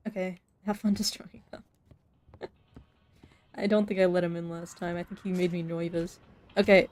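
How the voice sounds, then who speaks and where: A woman's voice: fairly low pitch, steady tone, moderate pace, long pauses, darkish tone. A young woman streaming a video game, chatting to herself and giggling as she plays. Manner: giggly, talks to herself while playing. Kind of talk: casual let's play commentary. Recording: faint background noise.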